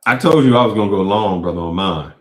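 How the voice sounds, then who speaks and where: A man hosting a talk show, giving animated, preachy commentary on clips and acting out quotes. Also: sits low, fast talker, echoey room. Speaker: podcast host. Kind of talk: casual commentary reacting to clips.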